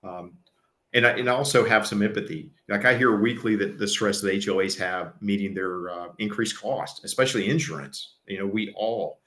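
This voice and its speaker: A man's voice: on the low side, normal speed, a bit bright, roomy sound. A man presenting an educational seminar for a pool service company, speaking in an earnest, conversational way with frequent restarts.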